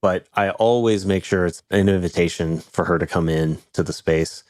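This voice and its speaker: Deep-voiced man, reflective podcast host. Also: normal speed, darkish tone, dry recording. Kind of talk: casual conversation.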